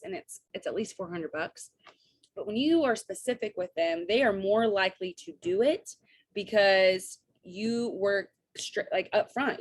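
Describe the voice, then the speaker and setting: A woman's voice: medium pitch, no room sound. Chatty young woman coaching on a video call. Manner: chatty and upbeat, quick asides and quoted dialogue. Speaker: team coach.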